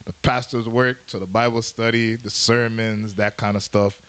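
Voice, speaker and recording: A man's voice: lowish voice, flat delivery, moderate pace, fairly bright tone, smooth. Brief: male podcast co-host, easygoing and jokey, loops catchphrases. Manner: playful, repeats catchphrases. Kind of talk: casual chat.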